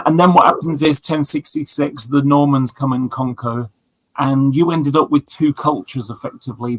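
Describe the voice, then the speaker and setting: A man's voice: mid-range voice, fairly bright tone, no room sound, low-quality recording. A man chatting casually on a livestream with friends, telling long stories full of fillers and asides. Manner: rambling, storytelling with many fillers. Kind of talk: casual chat.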